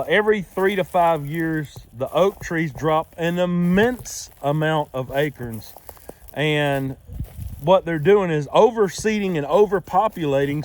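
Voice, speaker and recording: Folksy man rambling outdoors. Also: on the high side. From Alabama. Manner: rambling, folksy, self-correcting. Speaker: outdoor channel host. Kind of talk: casual outdoor vlog. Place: outdoors in burned woods.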